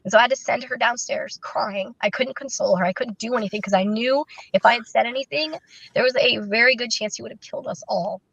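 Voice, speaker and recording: A woman's voice: fairly high pitch, creaky, a bit bright, no room sound. Woman candidly telling a hard story. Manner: candid, halting, many fillers and restarts. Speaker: interview guest. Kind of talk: recounting a personal story in an interview. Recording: dull, dry lo-fi recording.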